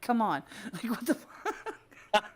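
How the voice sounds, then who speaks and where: A woman's voice: on the high side, slow, slight background noise. American woman, podcast host, casual chat, laughs a lot, swears freely. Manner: laughs often, swears freely, lively storytelling.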